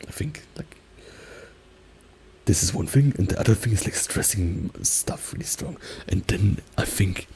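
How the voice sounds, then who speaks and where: Low gravelly soft-spoken ASMR man. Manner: alternates soft talking and whispers, many "like" fillers. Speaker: ASMR creator. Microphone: binaural mic.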